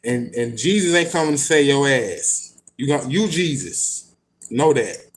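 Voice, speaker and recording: A man's voice: mid-range voice, expressive, a little slow, a little hiss or hum. A man reading passages from a book aloud and then riffing on them in blunt, slangy, profane casual talk. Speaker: host reading and commenting on an occult book.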